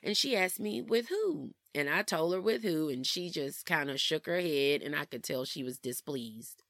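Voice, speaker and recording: A young adult woman telling a personal story in a casual, animated way, often calling her listeners "y'all". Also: deep voice, normal speed, dry recording, studio quality. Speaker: vlogger.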